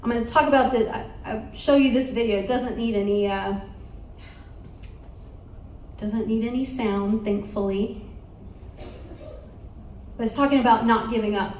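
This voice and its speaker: Motivational speaker, young adult woman, higher voice, lively and laughing, heard from far off in an echoey hall. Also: normal speed, long pauses, a little hiss or hum. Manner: animated, laughing storyteller with many restarts. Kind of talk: storytelling speech to a live audience. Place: conference hall.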